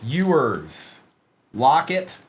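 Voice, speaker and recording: Lively male card break host. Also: on the high side, extremely slow, slight background noise. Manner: rattles off player names, chats with viewers. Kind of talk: live-stream card break commentary.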